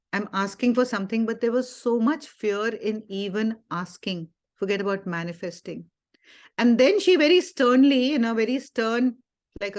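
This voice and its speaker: A woman's voice: fairly high pitch, darkish tone. A woman, a wellness teacher giving a Sunday talk, telling a personal story earnestly with many fillers. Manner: earnest storytelling with frequent fillers and quoted dialogue.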